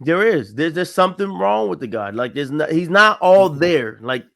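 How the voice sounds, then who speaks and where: A man's voice: on the high side, expressive, normal speed, gravelly, a bit bright. A man talking politics in a casual chat, stressing points by repeating them. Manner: emphatic, repeats phrases for stress.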